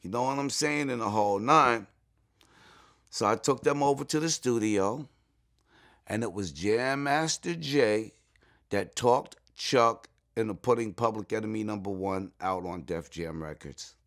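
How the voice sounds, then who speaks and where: A middle-aged man from New York telling stories in an interview, excitable and full of asides, often jumping up high when he quotes people. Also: a little slow. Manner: excitable, repeats "you know what I'm saying", jumps to high voice when quoting. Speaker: interview guest. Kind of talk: animated storytelling.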